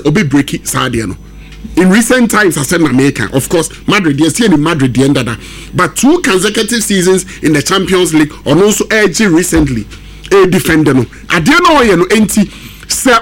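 Male football pundit, high and very lively voice, emphatic radio talker. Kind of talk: sports radio discussion.

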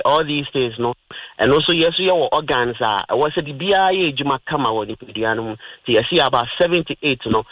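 A man's voice: mid-range voice, fairly bright tone, dry recording, rough recording. A Ghanaian man hosting a radio health talk, explaining in plain terms and mixing in English words.

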